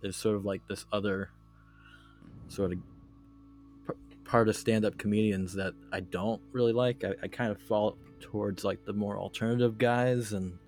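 Male co-host, low voice, opinionated casual chatter. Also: fairly even intonation, moderate pace, a little mellow, faint music behind. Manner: blunt opinions with frequent restarts. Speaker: podcast co-host. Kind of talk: casual chat giving opinions.

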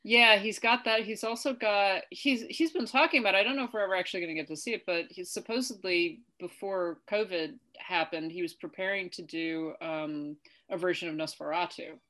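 Bright-voiced woman podcast co-host. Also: on the low side, brisk. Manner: chatty, laughs often, quotes lines playfully. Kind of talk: casual chat.

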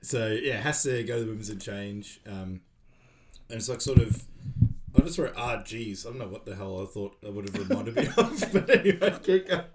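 A man co-hosting a podcast, recapping a movie from his notes in a relaxed way with many pauses and ums. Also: on the low side, noisy background. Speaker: podcast co-host. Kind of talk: casual movie recap chat.

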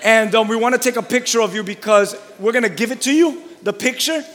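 A man who is a pastor giving church announcements, stumbling over restarts and working up to loud, excited calls to the congregation. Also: very high-pitched, brisk. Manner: repetitive stammering restarts, then shouting and laughing. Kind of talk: church announcements building to a shouted sermon-style hype. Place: large church hall. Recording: long hall reverb.

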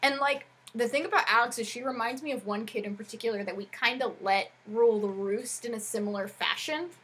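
This is a woman co-hosting a casual conversation, her voice pitched a little high with a husky, breathy edge. She rambles freely and fills her sentences with "like" while she works out her thoughts. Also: a little fast, fairly bright tone, poor audio. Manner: chatty, rambling, with frequent "like" fillers. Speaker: podcast co-host and educator. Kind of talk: casual chat.

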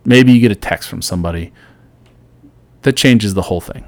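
A middle-aged man hosting a solo podcast, giving an earnest motivational talk that swings between loud and soft. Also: fairly low pitch, fairly quick, dry recording. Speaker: podcast host.

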